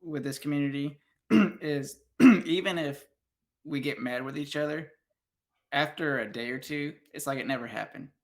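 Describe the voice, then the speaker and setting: A man's voice: a little high, moderate pace. A man hosting a casual panel stream, joking and laughing easily with the guests. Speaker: stream host.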